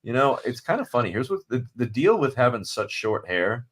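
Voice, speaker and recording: A man's voice: medium pitch, sing-song, a little fast, fairly bright tone. A man hosting a podcast, talking bluntly and casually, calling listeners brother. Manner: blunt, conversational, calls people brother. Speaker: podcast host.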